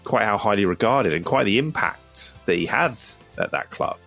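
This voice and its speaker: Male host, very low gravelly voice, lively delivery, chatty, self-mocking. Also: normal speed, soft background music. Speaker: podcast host. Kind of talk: casual chat.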